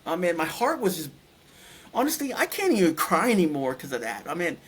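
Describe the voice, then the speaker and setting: Male interview guest with a somewhat high voice; halting, emotional telling, stumbles and repeats himself. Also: wildly swooping pitch, a bit bright, husky. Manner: halting, many restarts and repeated words. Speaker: guest sharing a near-death experience. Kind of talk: emotional personal account.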